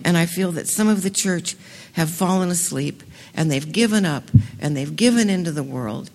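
A woman preaching a sermon with passion, her voice swelling loudly when she reads scripture. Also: low-pitched. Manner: impassioned, swells loud on scripture lines. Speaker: women's ministry speaker. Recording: reverberant hall.

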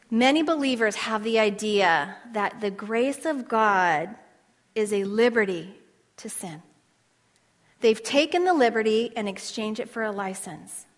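A woman preaching to a room of women, her voice pitched a little high. She talks with fervent passion, rising into loud declarations and then dropping to hushed asides, and asks her audience questions. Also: big-room sound. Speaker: women's Bible teacher. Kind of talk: passionate sermon.

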